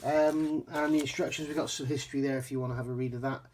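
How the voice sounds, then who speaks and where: A man's voice: mid-range voice, fairly even intonation, fast talker, darkish tone. A man from England casually reviewing a scale model kit, chatty with frequent ums and self-corrections.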